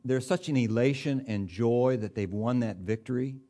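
A man's voice: mid-range voice, moderate pace, mellow. A man preaching a sermon in a conversational, folksy way, with touches of humor and rising bursts of emphasis.

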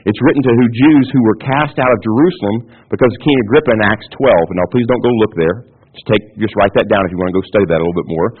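A man's voice: fairly low pitch, quick pace, slightly rough. A male pastor preaching an expository sermon. He teaches step by step, checks in with his listeners often, and repeats words when he restarts a sentence. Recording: tinny phone-band radio broadcast.

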